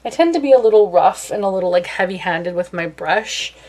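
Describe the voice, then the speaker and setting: A woman's voice: medium pitch, lively intonation, brisk, darkish tone. Chatty woman giving a makeup tutorial. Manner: casual and chatty, self-deprecating. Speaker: beauty vlogger.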